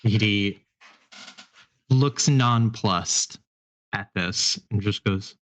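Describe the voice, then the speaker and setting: A man's voice: fairly low pitch, very slow, pauses often. A man narrating as game master in a tabletop game, talking in a rambling, hesitant way. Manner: rambling, hesitant, full of fillers.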